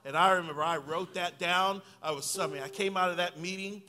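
A man preaching a sermon and telling a personal story. He swings from hushed, quiet lines to loud, excited ones. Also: sits high, fairly quick. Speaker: pastor. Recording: long hall reverb under loud guitar music. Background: loud guitar playing.

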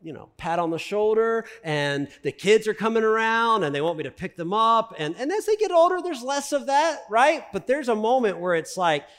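A middle-aged pastor delivers a sermon in a high, lively voice. His preaching swings from loud emphasis to hushed asides. The sound carries a long reverb from a large hall. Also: normal speed, few pauses.

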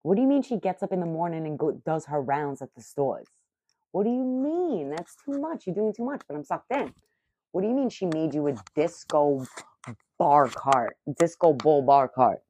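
A woman in her thirties telling a story casually to the camera as a vlogger, animated, profane and self-mocking. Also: low-pitched, moderate pace, slight background noise. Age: 30s. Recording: muffled lo-fi audio.

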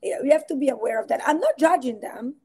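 A woman, a podcast guest telling stories in casual, animated talk, acting out what people said. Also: sits high, quick pace, breathy edge. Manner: animated storyteller acting out quotes. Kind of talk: casual faith-based interview talk.

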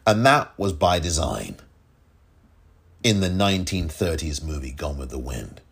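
A man's voice: very deep voice, big pitch swings, measured pace, creaky, fairly bright tone, breathy edge. A man hosting a solo political podcast, talking in an emphatic, exasperated way and repeating points for stress. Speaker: podcast host.

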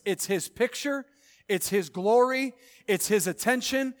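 A man preaching a sermon as pastor. He swings from loud, drawn-out proclamations to hushed, quiet lines, with bursts of rapid exhortation. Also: high voice.

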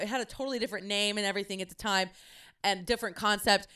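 A young woman hosts her own podcast, telling a story in a casual, chatty way with lots of swearing and animated quoting. She talks fast in a smooth, medium-pitched voice.

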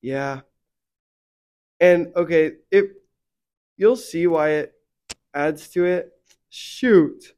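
His voice sits on the high side, words drawn out and separated by long pauses. A young man co-hosting a faith podcast, he rambles casually with lots of fillers and heats up when venting.

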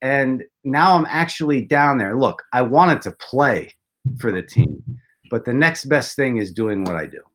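A man's voice: mid-range voice, expressive, unhurried, fairly bright tone. A man chatting about baseball, telling long rambling stories with self-deprecating jokes. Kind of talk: casual chat.

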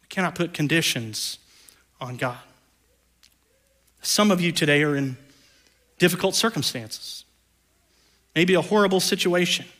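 A man preaching a sermon as pastor, dropping to hushed low lines and rising to loud raised ones, with playful conversational asides. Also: measured pace, long pauses.

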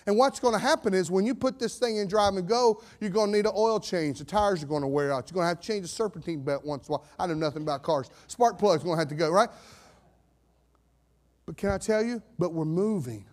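High-voiced preaching pastor, man. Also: fast. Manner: swings from shouted declarations to low, steady scripture reading. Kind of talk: sermon.

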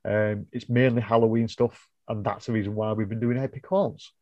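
A man's voice: on the low side, fairly even intonation, moderate pace, dry recording, lo-fi sound. A man co-hosting a casual podcast over a video call, rambling and correcting himself as he goes. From United Kingdom. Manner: rambling, self-correcting, apologetic. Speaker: podcast co-host.

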